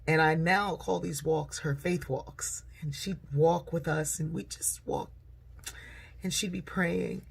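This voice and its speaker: A woman's voice: low-pitched, fairly even intonation, slow, creaky, slightly rough. A middle-aged woman telling humorous family stories in a personal storytelling monologue. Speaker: speaker and author.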